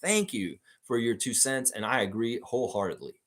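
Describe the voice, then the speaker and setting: A man's voice: mid-range voice, big pitch swings, normal speed, a bit bright. A man hosting a live fan stream, chatting casually, reading viewer comments, and swearing freely with lots of fillers. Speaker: fan show host.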